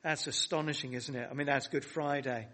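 A man's voice: medium pitch, fairly even intonation, brisk, sharp tone. A man preaching a sermon to a congregation, building emphasis and asking his listeners rhetorical questions. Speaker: pastor. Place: church hall.

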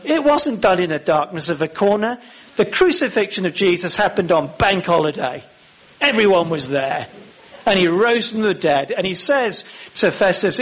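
A man preaching a sermon, acting out the lines of the Bible characters with lively emphasis. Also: high voice, husky.

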